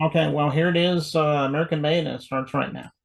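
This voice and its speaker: This is a male host with a gravelly, slightly raised voice. He asks his questions haltingly, stopping often for "uh" and "um". He sounds like he is running a casual interview. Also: on the high side, steady tone, crowd noise, rough recording. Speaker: show host.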